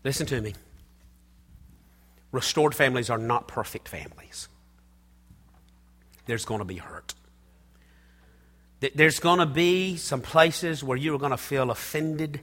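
A man's voice: mid-range voice, measured pace, pauses often, a bit bright, long reverb tail. A man preaching a sermon, emphatic and repetitive, calling out to his congregation from a church. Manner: emphatic preaching, repeats phrases, calls out to the congregation. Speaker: pastor. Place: church hall.

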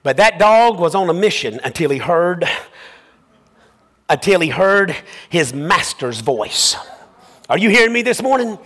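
A man preaching a sermon as pastor, impassioned, rising to shouts and repeating his phrases. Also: high voice, very animated, a little slow, pauses often, in a large hall.

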